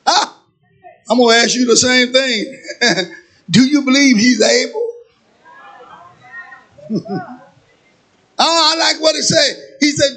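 A man preaching a sermon, using call-and-response and chanting as his preaching builds to shouts in a church sanctuary. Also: very high voice, slow, pauses often. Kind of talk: whooping sermon.

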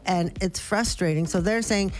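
A woman's voice: mid-range voice, normal speed. A middle-aged woman, co-hosting a casual chat and earnestly urging kindness and tolerance. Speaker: co-host.

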